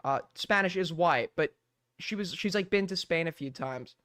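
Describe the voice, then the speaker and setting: A man's voice: a little high, moderate pace, a bit bright, slight background noise. A man ranting through a live stream commentary, exasperated and full of swearing.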